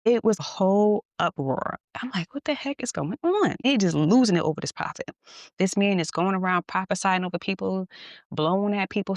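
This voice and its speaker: A woman podcast host telling a personal story in a candid, animated way, laughing at times. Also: lowish voice, dry recording. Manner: animated, candid, acts out dialogue, laughs often.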